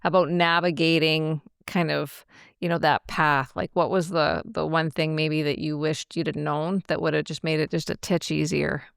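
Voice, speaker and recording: A woman's voice: low-pitched, little pitch movement, normal speed, creaky, clean tone, dry recording, studio quality. A middle-aged woman hosting an interview, encouraging her guest and laughing easily. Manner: warm laughs, encouraging replies. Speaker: podcast host. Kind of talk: interview chat.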